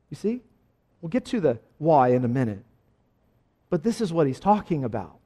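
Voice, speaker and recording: A male pastor preaching with a high, lively voice that swoops up and down. He presses his points hard, falling quiet for asides, then climbing to loud, ringing exclamations. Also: normal speed. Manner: emphatic preaching, swinging between soft asides and loud exclamations. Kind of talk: sermon.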